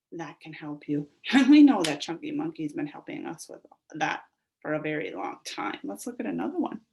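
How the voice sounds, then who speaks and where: A woman teaching a phonics lesson to young children, stretching out sounds in an animated sing-song way. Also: on the low side, fairly quick, creaky, husky.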